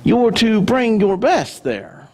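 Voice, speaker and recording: Male pastor, high-pitched voice, emphatic sermon delivery, mocks grudging givers in low asides. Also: very animated, slow. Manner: emphatic preaching with wide swings between loud and hushed; mimics grudging churchgoers in low mocking asides.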